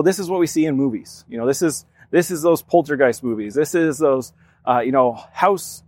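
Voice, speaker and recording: Man preaching a casual Bible teaching. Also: fairly high pitch. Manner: conversational, reads scripture then explains with restarts. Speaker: pastor.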